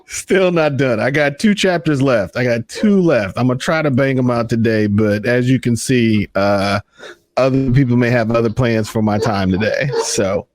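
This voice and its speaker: A man's voice: mid-range voice, moderate pace, dry recording. A man hosting a casual podcast in a laid-back, easygoing way. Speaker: podcast host.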